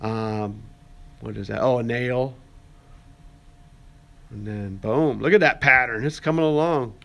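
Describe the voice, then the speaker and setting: A young man who studies art narrates a how-to voice-over in a classroom, relaxed and chatty, tossing in jokes and lots of fillers. His mid-range voice is gravelly and moves at a normal speed.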